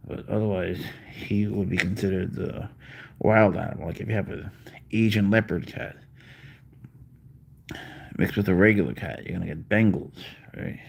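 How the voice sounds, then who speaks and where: A man's voice: deep voice, moderate pace, vocal fry, long pauses, husky. A man hosting a live stream about his pet, chatting casually and rambling through answers to viewers' questions.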